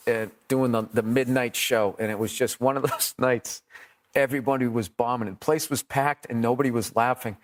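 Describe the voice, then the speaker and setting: On a casual podcast, a middle-aged comedian guest with a slightly high voice spins profane, animated tales and regularly laughs at his own material.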